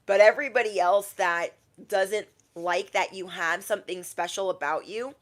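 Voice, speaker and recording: A woman's voice: mid-range voice, moderate pace. A young adult woman, a tarot reader, talking casually on a livestream and acting out quoted people in shifting voices.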